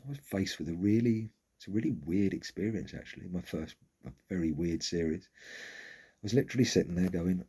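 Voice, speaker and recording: Low, husky man, frankly telling his story. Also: brisk, dark tone. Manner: frank and candid, swears casually. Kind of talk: personal storytelling vlog.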